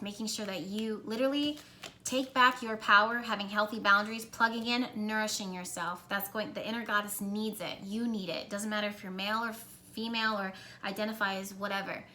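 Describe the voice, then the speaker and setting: Bright-voiced woman giving a tarot reading. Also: medium pitch, a little hiss or hum. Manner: earnest, encouraging, rambling with restarts. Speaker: tarot reader. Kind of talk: casual spiritual tarot reading.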